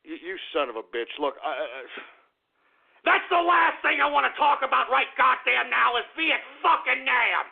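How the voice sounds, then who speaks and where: Over a tinny, phone-like line, a man hosting a radio call-in show swears and vents his exasperation between callers. His voice is very high-pitched, gravelly and slightly rough, with big pitch swings at a normal speed, in a profane call-in radio rant.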